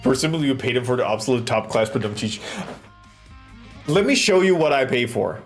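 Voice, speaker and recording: A man streams live from home while coding, chatting casually, rambling, cracking jokes, and breaking into sudden bursts of swearing. His mid-range voice is animated and a little fast. A desk mic sits close in front of him, with soft music in the background.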